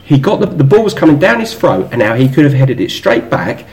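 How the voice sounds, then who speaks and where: A man chatting about football with friends in a relaxed podcast. His pitch swings widely as he teases and jokes. The talk is loose and full of banter. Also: brisk. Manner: lively, teasing banter. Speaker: podcast co-host. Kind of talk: casual football chat.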